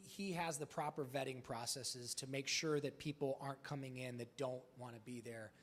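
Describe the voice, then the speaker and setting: A man speaking as a motivational speaker at a live event, telling candid stories casually, swearing freely and acting out the dialogue. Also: mid-range voice. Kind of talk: live storytelling talk.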